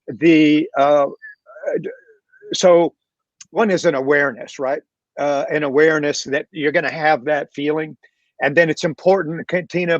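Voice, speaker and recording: A candid, reflective man speaks on a casual panel with a self-deprecating edge. His voice sits a little high for a man. The sound is muffled and dry, with no room echo. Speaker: panel guest, real estate leader. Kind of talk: casual video-call panel talk.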